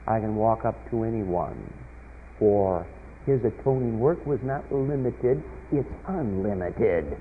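A man delivers a sermon, moving between loud emphatic peaks and quiet asides. His voice is husky and lively in pitch. The sound is tinny and phone-like, with a long reverb from a church hall. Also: unhurried. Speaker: preacher.

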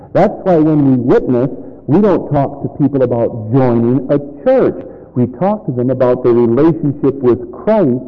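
A man preaching a sermon, stressing key words by drawing them out slowly and asking his congregation questions. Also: fairly high pitch. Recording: muffled recording in a reverberant hall.

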